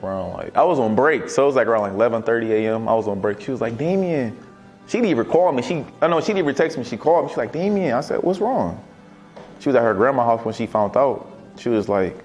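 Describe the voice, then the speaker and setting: A young man casually telling his side of a story in a documentary interview, animated when quoting himself. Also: medium pitch, fast talker, soft background music. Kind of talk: personal storytelling.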